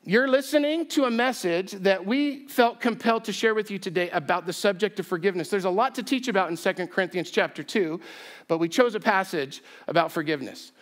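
A man preaching a sermon, telling a story with self-deprecating humor and an animated, chatty delivery. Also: high-pitched, a little fast. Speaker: pastor. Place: church sanctuary.

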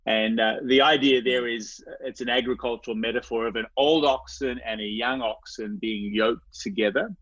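Earnest man with halting, repeating speech. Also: medium pitch, fairly even intonation, a bit bright, dry recording. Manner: halting, repeats words and restarts often; reflective, earnest storytelling. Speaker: interview guest. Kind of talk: personal faith story in conversation. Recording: dry, slightly dull recording.

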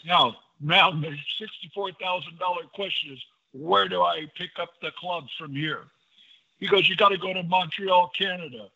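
An older man and former pitcher, a guest in an interview, telling anecdotes in a lively way and acting out the dialogue. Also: normal speed, vocal fry. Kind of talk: storytelling in a casual interview. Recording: dull lo-fi audio.

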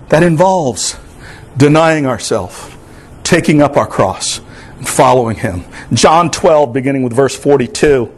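A man's voice: fairly high pitch, a little mellow. A man from Florida preaching a sermon in an earnest, repetitive cadence.

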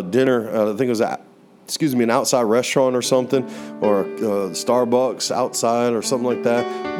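A young man preaching, telling a personal testimony in an earnest voice that slows down for emphasis. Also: mid-range voice. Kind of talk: sermon testimony. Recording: guitar music playing underneath.

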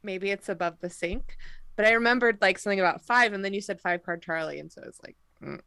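A woman co-hosting a casual podcast, animated and full of "like" as she talks. She laughs often. The recording is dry with no room sound. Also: mid-range voice, fast, clean tone, no echo. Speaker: podcast co-host. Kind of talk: casual chat.

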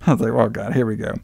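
A young man in casual podcast chat, recapping a movie with lively storytelling and acting out the characters' lines. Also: lowish voice, creaky, husky, no echo.

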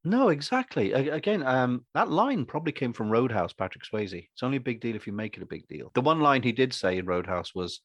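A man's voice: medium pitch, fairly quick, hardly any pauses, no room sound, muffled recording. Chatty man, dry close sound. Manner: rambling, animated, acts out quotes. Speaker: podcast co-host and actor. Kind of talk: casual opinionated chat.

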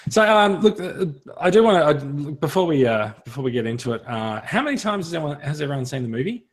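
A man's voice: fairly high pitch, very animated, fast talker. An Australian man hosting a podcast, chatty with stumbling restarts and easy laughter. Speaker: podcast host. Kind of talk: casual podcast chat.

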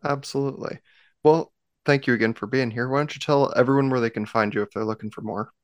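A man's voice: mid-range voice, fairly even intonation, fast talker, dry recording. A man hosting a podcast interview, friendly and joking, poking fun at himself. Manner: friendly, joking, self-deprecating. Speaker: podcast host.

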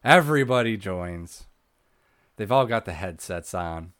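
A man's voice: lowish voice, animated, a little slow, a bit bright, dry recording, clean studio sound. A man co-hosting a podcast, casually recapping old wrestling shows, laid-back and swearing, laughing often. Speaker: podcast co-host.

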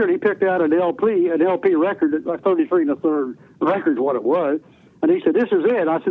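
Over tinny phone-line radio audio, an older man, a retired radio DJ, tells rambling, folksy stories about his radio career in an interview. His voice is a little high and he talks fast, with many restarts.

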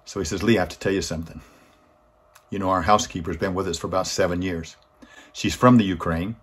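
A man's voice: steady tone, fast, husky. A man giving a weekly inspirational talk, telling a story in an earnest way and rising in force on key points. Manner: earnest, swells louder and higher on key points. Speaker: motivational speaker.

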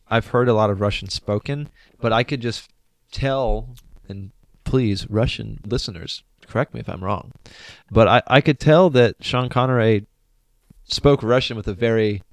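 A man's voice: lowish voice, no echo. A man co-hosting a casual film review podcast, talking in a thoughtful, hedging way and restarting his words. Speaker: podcast co-host.

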